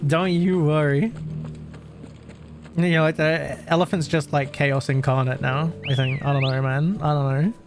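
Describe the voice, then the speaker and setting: Mężczyzna, streamer gier, swobodnie komentujący rozgrywkę, często się śmieje, klnie i zwraca się do widzów oraz do postaci. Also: male voice, medium pitch, fairly even intonation, normal speed, few pauses, over music. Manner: giggly, swears a lot, talks to chat and the characters. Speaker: gaming streamer. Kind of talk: casual gameplay commentary.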